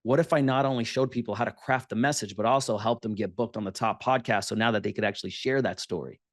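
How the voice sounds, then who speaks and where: A man's voice: medium pitch, fast talker, no room sound. Storytelling man with a dry close sound. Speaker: guest, podcast booking entrepreneur. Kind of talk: storytelling interview talk.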